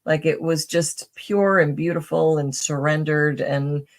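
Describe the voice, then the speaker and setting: A woman's voice: low-pitched, steady tone, unhurried, creaky. Rambling woman guest telling stories. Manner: rambling, with many fillers and restarts. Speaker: podcast guest. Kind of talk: casual conversational storytelling.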